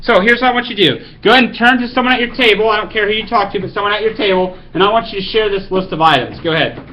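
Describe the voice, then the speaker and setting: A man's voice: high-pitched, rapid-fire, highs cut off, background noise. A male teacher reading a story aloud to his class, then giving casual directions for a writing task.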